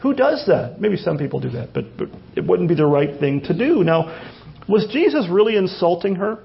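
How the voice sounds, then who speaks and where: A man's voice: high voice, sing-song, normal speed, creaky. A man preaching a sermon, asking rhetorical questions and often restarting his phrases. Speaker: pastor. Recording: dull lo-fi recording.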